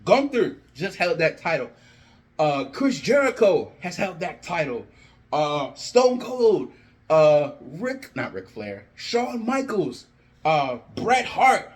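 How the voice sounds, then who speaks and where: High-voiced man calling imagined wrestling action. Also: slow. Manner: animated, breathless, shouts at big moments. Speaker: wrestling fan booking storylines. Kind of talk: excited play-by-play storytelling.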